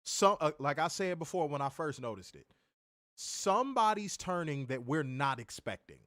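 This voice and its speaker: Casual profane male podcast co-host, lively up-and-down delivery, dry close mic, joking and teasing. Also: a little high, moderate pace, dry recording. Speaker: wrestling show co-host.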